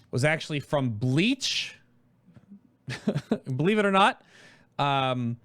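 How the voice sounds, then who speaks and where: A man hosting his stream, talking casually and quickly about a project, rambling through explanations. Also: medium pitch, fairly bright tone, clean tone, dry recording. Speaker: host.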